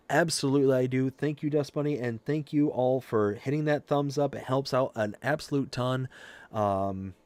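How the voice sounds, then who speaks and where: A man's voice: mid-range voice, normal speed, darkish tone, dry recording. Rambling male game streamer chatting casually. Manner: rambling, repeats words and restarts while telling a personal story; reads out and thanks viewers' chat messages. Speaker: live-stream host of a farming game. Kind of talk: casual live-stream chat.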